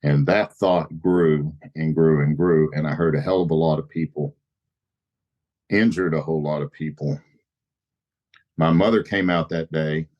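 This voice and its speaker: A man's voice: rumbling low, steady tone, measured pace, pauses often, highs cut off. A man speaking earnestly as a podcast guest, sharing his recovery story and repeating phrases for emphasis.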